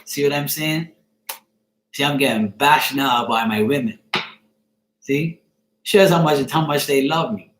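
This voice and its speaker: A man's voice: medium pitch, measured pace, long pauses, fairly bright tone, a little hiss or hum. A Bermudian man chatting casually on a live stream, joking and swearing offhandedly as he answers viewers by name. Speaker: live streamer reading chat. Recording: echoey room.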